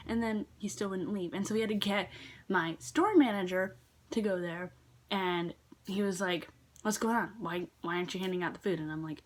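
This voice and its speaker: Chatty teenage girl telling a story. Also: on the low side. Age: teens. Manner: chatty, many fillers, dips into whispers. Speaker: vlogger. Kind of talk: casual storytelling vlog.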